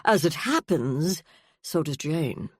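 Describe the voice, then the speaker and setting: An audiobook reader voicing a witty, sharp-tongued woman with a dry, wry delivery. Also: medium pitch, animated, slow pace, breathy edge, no room sound.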